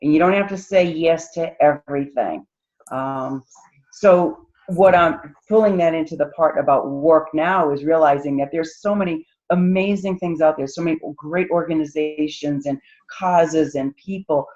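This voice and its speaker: A woman's voice: low voice, darkish tone. Earnest woman on dull call audio. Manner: earnest, thoughtful, halting with fillers. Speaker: participant on a group call. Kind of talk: casual sharing on a call.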